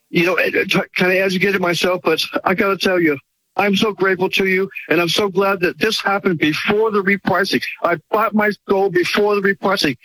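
Guy calling in, all emotional and thankful, highish voice, dry. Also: fairly bright tone, dry recording, poor audio. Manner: emotional, grateful, rambling. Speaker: caller. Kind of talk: call-in chat.

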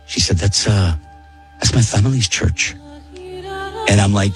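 A man's voice: lowish voice, a little slow, pauses often, over music, rough recording. A man casually telling a story to friends on a podcast, rambling and restarting his sentences. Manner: rambling, self-interrupting, repeats words while telling.

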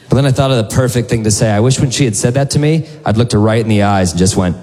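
A man performing a stand-up routine with deadpan storytelling. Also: mid-range voice, fast, few pauses. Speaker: stand-up comedian. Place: comedy club stage. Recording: hall reverb.

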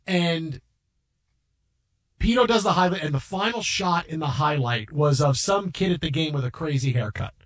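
A middle-aged man hosting a sports radio show, telling stories in an animated, rambling way with many restarts. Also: a little high, normal speed. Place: radio studio.

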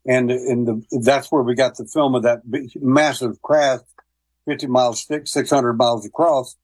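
Husky rambling male storyteller. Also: medium pitch, steady tone, normal speed, no room sound, low-quality recording. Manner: rambling storyteller, many fillers and restarts. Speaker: guest, paranormal investigator. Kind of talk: casual radio interview.

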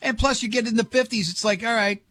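Guy hosting morning radio, kinda high voice, rambly jokey banter. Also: fairly even intonation, fast talker, a bit bright, no echo, studio quality. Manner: loose, joking, rambling. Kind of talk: casual on-air banter.

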